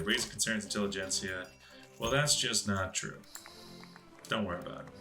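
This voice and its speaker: Guy muttering through a strategy game, kinda low but bright voice, confused asides to himself. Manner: musing aloud to himself, puzzled asides. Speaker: gaming channel host. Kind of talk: casual strategy game commentary.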